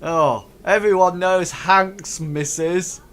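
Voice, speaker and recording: A man's voice: sits high, fairly even intonation, slow, a bit bright, pitched above the performer's own voice. A man voicing a rowdy gang of crude, mocking ruffians in a tabletop game. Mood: jeering.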